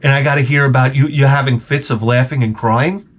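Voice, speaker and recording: A middle-aged man in a rambling vlog, his voice at an ordinary middle pitch. He tells stories in a loose, profane way and keeps breaking into loud, mock-outraged exclamations. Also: brisk. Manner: excitable, profane, jokey, with sudden loud exclamations. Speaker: video game vlogger. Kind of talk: rambling casual storytelling.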